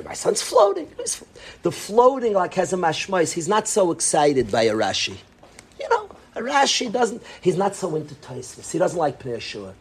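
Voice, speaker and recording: A man in his late twenties telling a lively story to students, acting out the people in it and dropping into whispers for quoted lines. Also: on the high side, a little hiss or hum. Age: 20s. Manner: animated, acts out whispers and quotes. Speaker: yeshiva educator.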